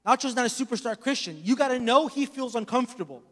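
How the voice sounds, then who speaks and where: A man preaching a sermon, telling stories and swinging between loud emphasis and hushed asides. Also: very high voice, expressive, quick pace. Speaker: pastor. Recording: long hall reverb.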